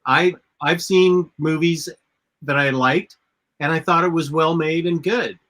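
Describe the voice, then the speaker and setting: A man's voice: a little high, a little slow, a bit bright. A man co-hosting a casual chat, opinionated and easily amused. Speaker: co-host.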